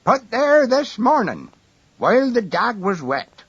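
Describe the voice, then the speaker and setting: A man voicing a tiny, shy old countryman who talks in a high, excited, trumpeting voice. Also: slow pace, husky, no echo, highs cut off, full character voice. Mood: boastful. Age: older.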